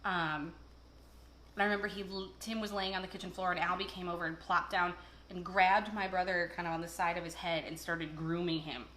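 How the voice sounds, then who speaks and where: A woman's voice: lowish voice, little pitch movement, a little fast, a bit bright, slight background noise. Chatty woman cooking in an echoey kitchen. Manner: chatty, joking, storytelling while cooking. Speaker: cooking show host. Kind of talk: casual cooking demonstration. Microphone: camera across the kitchen. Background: clattering dishes and cutlery.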